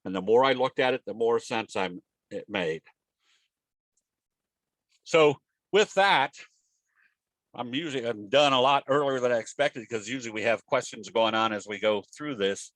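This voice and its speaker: A man's voice: mid-range voice, normal speed, pauses often, fairly bright tone, no echo. A man giving a casual trading webinar in a folksy, storytelling way, with frequent restarts. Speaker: trading educator presenting a webinar.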